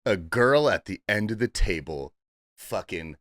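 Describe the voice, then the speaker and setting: A man hosting a podcast, telling a story in animated, laughing, profane casual chat. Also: lowish voice, measured pace, dry recording, studio quality. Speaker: podcast host.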